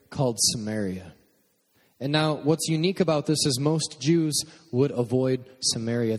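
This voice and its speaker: A man's voice: mid-range voice, a little mellow. Man preaching in a reverberant hall. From Michigan, USA. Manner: conversational, jokey asides to the congregation. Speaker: pastor. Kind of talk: sermon.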